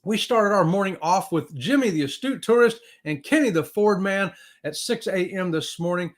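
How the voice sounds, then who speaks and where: A middle-aged man, hosting a casual livestream and cheerfully greeting viewers by name with loud whoops. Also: sits high, lively intonation, moderate pace. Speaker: livestream host.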